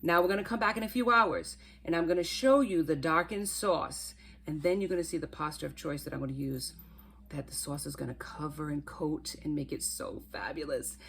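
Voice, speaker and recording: A woman's voice: low voice, brisk, gravelly, fairly bright tone, a little hiss or hum. Chatty woman hosting a cooking video. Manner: chatty and playful, talks to viewers. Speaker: cooking channel host. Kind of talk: casual cooking demo to camera.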